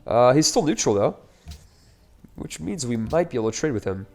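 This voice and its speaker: A man's voice: mid-range voice, big pitch swings, normal speed, vocal fry, darkish tone. A man casually commenting on his own strategy game playthrough, upbeat and chatty with wry, joking asides. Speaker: let's play host.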